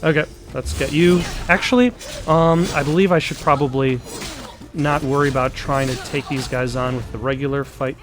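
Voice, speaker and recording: A man's voice: mid-range voice, fairly even intonation, moderate pace, music in the background. A young man, out of breath, rambling through casual gameplay commentary with many ums and uhs. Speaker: let's play host.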